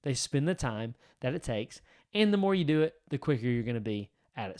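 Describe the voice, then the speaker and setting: A man's voice: mid-range voice, very animated, a little fast, darkish tone. A man who is a lead pastor, giving a blunt, emphatic teaching talk to other church leaders. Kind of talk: direct-to-camera teaching talk.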